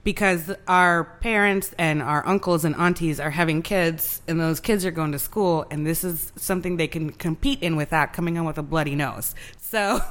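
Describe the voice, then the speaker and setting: A woman's voice: fairly low pitch, normal speed, few pauses, a bit bright. A woman co-hosting a podcast in casual chat, rambling and laughing between lines.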